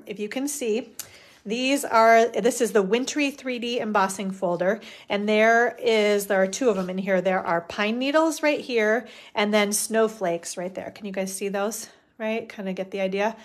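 A middle-aged woman hosting a live stamping demo, chatting casually and rambling with fillers as she works. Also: mid-range voice. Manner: chatty, rambling, self-talk with fillers and little laughs.

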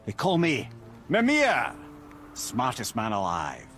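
A man's voice: medium pitch, huge pitch swings, slow pace, a bit bright, faint music behind, exaggerated voice. A man voicing a boastful, all-knowing male ambassador to the gods, declaiming grandly in a fan script reading. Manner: grand, self-important proclamation.

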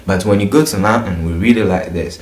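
Brief young Ghanaian-accented male vlogger, lowish voice, chatty gossip delivery, echoey room. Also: brisk, a little mellow. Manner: chatty, keeps asking "you get it?". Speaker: entertainment vlogger. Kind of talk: casual gossip commentary. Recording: roomy echo.

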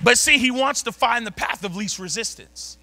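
A man pastor preaching a sermon, telling a personal story in an animated way, often shouting and laughing. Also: extremely high pitch, normal speed. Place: church.

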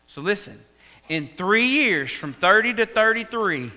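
A man with a Texan accent preaching a sermon, telling the story with animated delivery and acting out the voices. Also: high-pitched, normal speed. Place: church sanctuary. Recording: echoey church hall.

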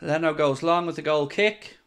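Hosting a live football watchalong, a man with a fairly high, clear, resonant voice talks at a normal pace as he narrates the play and reacts. He swears freely and often, swinging from gloomy muttering to euphoric shouting in this live match commentary.

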